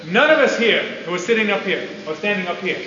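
Bright high-voiced preacher in a hall. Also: male voice, expressive, fast. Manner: emphatic, repeats key phrases, asks the audience "Amen?". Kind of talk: sermon. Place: large hall with an audience. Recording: roomy hall, dull lo-fi, faint hiss.

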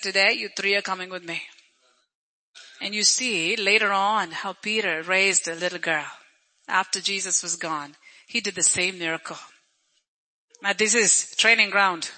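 Male preacher with an unusually high, piercing bright voice, chatty storytelling sermon, repeats lines for emphasis. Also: poor audio. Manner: storytelling preacher who acts out crowd voices; conversational, repeats phrases for emphasis.

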